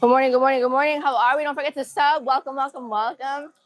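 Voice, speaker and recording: A woman's voice: high-pitched, fairly even intonation, fast, soft background music. A woman livestreaming her workout from an empty gym, chatting in a hyped, slangy way and greeting her viewers. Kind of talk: casual livestream chat while working out.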